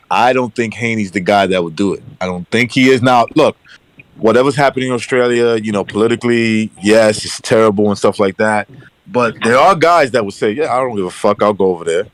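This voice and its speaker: A man's voice: fairly low pitch, moderate pace, rough recording. A man co-hosting a casual boxing podcast, teasing callers and talking over the others. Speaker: podcast co-host. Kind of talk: casual chat.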